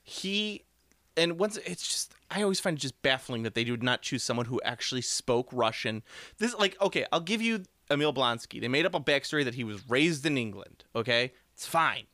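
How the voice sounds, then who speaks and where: Chatty podcast man with a bright, forceful voice. He talks about movies in loose, joking asides and speaks close to a dry, deadened mic. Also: mid-range voice, lively intonation, no room sound. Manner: chatty, quick asides and laughs. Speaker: podcast co-host. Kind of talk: casual movie podcast chat.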